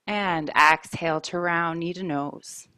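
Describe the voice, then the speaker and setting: A woman teaching a yoga class, giving calm, mindful cues about breath and poses while wearing a mic. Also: fairly low pitch, dry recording, clean studio sound. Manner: calm, slow, mindful cueing. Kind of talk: guided yoga class instruction.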